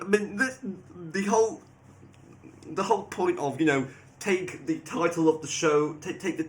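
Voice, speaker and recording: A man giving rambling, excitable casual commentary, often laughing and restarting his sentences. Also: a little high. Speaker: video creator. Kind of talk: casual commentary reading AI replies aloud.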